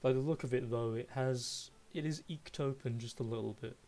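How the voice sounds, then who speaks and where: A man in the game master's seat, his voice in a middle pitch, building scenes slowly with pauses and fillers. A faint hiss sits under the recording. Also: a little mellow. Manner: halting descriptions full of fillers. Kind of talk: narrating a tabletop game.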